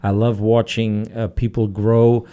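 A man in his fifties with a lowish voice is talking on a radio show about his career. His speech is steady and earnest, with frequent pauses and fillers. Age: 50s. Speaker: guest, human resources director. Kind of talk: radio interview. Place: radio studio.

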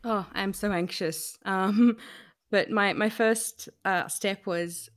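A woman's voice: mid-range voice, fairly even intonation, slow. A woman guest in an interview, speaking candidly and emotionally with many fillers and restarts.

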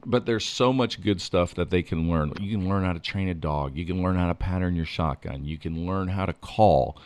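Deep-voiced man telling a hunting story. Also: moderate pace, smooth, dry recording. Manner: animated storyteller, acts out quotes. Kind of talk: casual storytelling chat.

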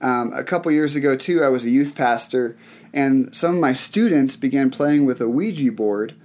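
A young adult man preaching a sermon, telling a story in an animated way with fillers and restarts. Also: medium pitch, moderate pace. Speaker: pastor.

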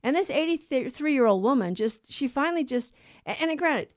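A woman's voice: high-pitched, expressive, moderate pace, dry recording, clean studio sound. A woman co-hosting a Catholic talk show, teaching in an earnest, storytelling way. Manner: earnest storyteller who acts out quoted voices. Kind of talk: conversational faith teaching.

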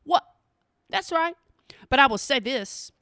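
A woman, telling a personal story in an animated, emphatic way and speaking straight to her listeners. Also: fairly high pitch, moderate pace, no echo, studio quality.

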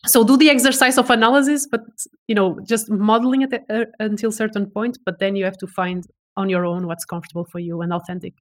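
A woman talking as a voice expert in a relaxed interview. She is eager and animated in her explanations, often restarting and repeating words as she goes. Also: mid-range voice, brisk. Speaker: voice expert guest. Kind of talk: casual interview chat.

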